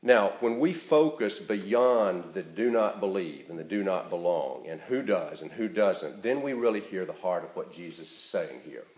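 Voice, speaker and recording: A man preaching a sermon as pastor in a church, earnest and deliberate, stressing key words as he speaks. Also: low-pitched, expressive, a little mellow, roomy sound.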